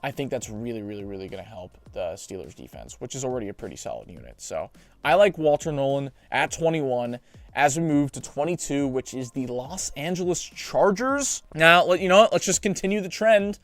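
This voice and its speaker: A young man hosting a sports show, giving chatty, animated mock draft commentary with joking asides. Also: mid-range voice, a little fast, no echo.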